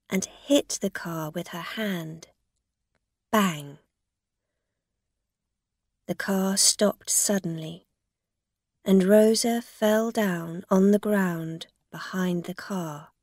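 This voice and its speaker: A woman narrating a story for English learners in a calm, deliberate way. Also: medium pitch, dry recording, studio quality.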